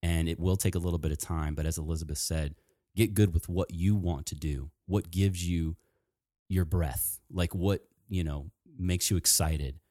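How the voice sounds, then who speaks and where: A man hosting a podcast, chatting casually and excitedly about nursing careers. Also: deep voice, no room sound, studio quality. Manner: excitable, animated, talks fast. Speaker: podcast host. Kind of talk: casual chat.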